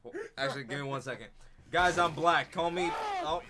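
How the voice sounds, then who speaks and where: A man's voice: fairly high pitch, a little fast, background noise. A young man joking and teasing his friends in casual banter while they play video games. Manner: joking, teasing, loud outbursts. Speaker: gamer and channel regular.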